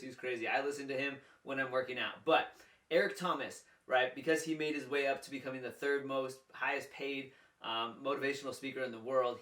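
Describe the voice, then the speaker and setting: A man's voice: mid-range voice, pushed and bright, reverberant, recorded from a distance. A man hosting a business coaching video, telling a story casually to camera with lots of energy and frequent "all right" fillers.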